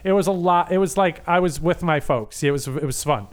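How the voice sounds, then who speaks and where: A man co-hosting a podcast, telling an excitable story in casual chat, swearing freely and often restarting his sentences. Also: on the high side, fairly quick. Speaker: podcast co-host.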